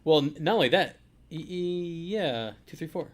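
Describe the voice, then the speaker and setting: A man's voice: on the high side, lively intonation, moderate pace. A man co-commentating a live poker stream, agreeing with his partner and adding dry quips.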